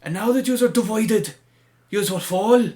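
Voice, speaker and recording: A man putting on a blustering, loud Irish male wrestler with a thick Irish accent. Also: high voice, moderate pace, voice pushed up, natural voice. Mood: menacing.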